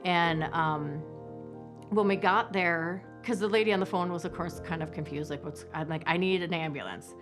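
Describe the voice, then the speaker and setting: A woman tells her family's story in a low, dark-toned voice. She speaks haltingly, restarting her sentences as she relives the moments. Soft music plays faintly behind her. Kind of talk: personal testimony interview.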